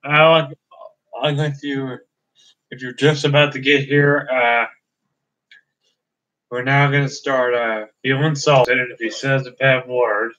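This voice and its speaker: A man's voice: mid-range voice, steady tone, a little slow, pauses often, a bit bright. A man hosting a casual let's-play video, rambling and restarting his sentences. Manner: rambling, hesitant with many restarts. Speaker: gaming video host. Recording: dull lo-fi recording.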